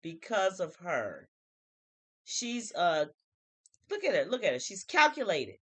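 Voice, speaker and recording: A woman's voice: on the low side, huge pitch swings, slow, a bit bright, breathy edge. Woman doing reality tv commentary, blunt and emphatic, repeats herself, slang. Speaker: show host reviewing reality TV. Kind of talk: casual commentary vlog.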